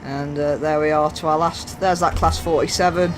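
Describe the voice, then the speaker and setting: A man chatting through a train game in a loose, joking, self-mocking way. His voice sits a little high. Faint game sounds run underneath. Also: fairly even intonation, moderate pace, few pauses, slight background noise. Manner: rambling, jokey, self-mocking. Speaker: gaming YouTuber. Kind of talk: casual gameplay commentary.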